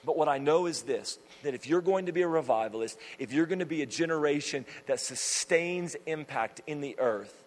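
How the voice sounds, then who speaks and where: A fervent man preaches a sermon in a somewhat high voice, pressing his points and circling back to repeat them. His words ring out through a large hall with a long, lingering reverb. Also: moderate pace, few pauses. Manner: fervent, emphatic, repeats phrases. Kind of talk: sermon with storytelling.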